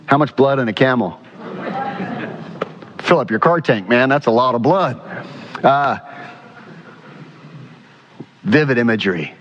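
A male pastor delivers a lively sermon in a church sanctuary, throwing questions to the congregation as he goes. His voice sits at an ordinary pitch, and the recording sounds slightly dull. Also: unhurried, long pauses. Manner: animated, quizzes the congregation.

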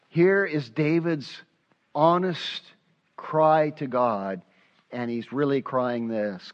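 A man's voice: a little high, lively intonation, slow, lo-fi sound. A man preaching a sermon as pastor, acting out prayers aloud with passion. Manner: impassioned, acts out prayers aloud.

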